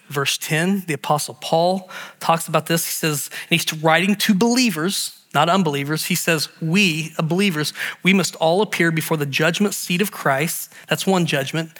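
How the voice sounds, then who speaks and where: A male pastor preaching a sermon, telling stories with animated energy and often restarting and repeating words. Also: high-pitched.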